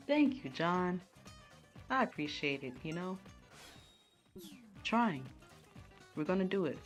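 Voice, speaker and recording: A low-pitched woman streams a game from a room at home. She chats casually and keeps talking to her viewers as she plays. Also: very animated, takes it slowly, pauses often, soft background music. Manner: chatty, talking to chat while playing.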